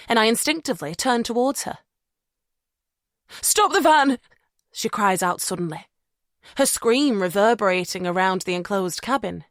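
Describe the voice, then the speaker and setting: A woman narrating an audiobook thriller in a measured, suspenseful way. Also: mid-range voice, dry recording, studio quality.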